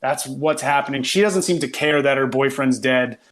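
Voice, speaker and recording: Brief: male podcast co-host, mid pitch, casual and amused, recapping a film with laughs. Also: normal speed. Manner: animated storytelling, laughing at the film. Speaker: podcast co-host reviewing films. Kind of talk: casual chat.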